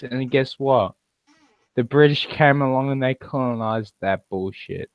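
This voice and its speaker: A man's voice: mid-range voice, unhurried, no room sound. An Australian man in his thirties chatting casually in a gaming voice chat, joking and swearing freely. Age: 30s.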